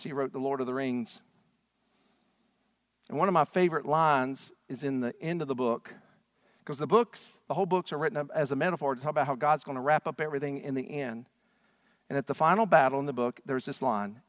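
A man preaching a sermon as a pastor, swinging from loud, fervent passages to hushed ones. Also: mid-range voice, no echo.

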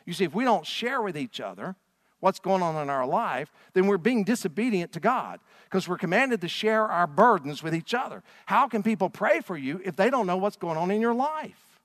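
Man, pastor preaching, slightly high voice, dry close sound, emphatic. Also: expressive, moderate pace, a bit bright, dry recording. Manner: earnest preaching, rising and emphatic. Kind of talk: sermon. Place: church stage.

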